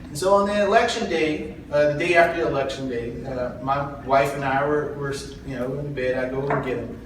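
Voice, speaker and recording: A man's voice: a little high, fairly quick. A man from South Carolina giving an earnest, folksy political speech to a convention crowd. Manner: earnest, folksy, rising to rallying calls. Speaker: party chair candidate. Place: large convention hall. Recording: echoey hall from far off, faint noise.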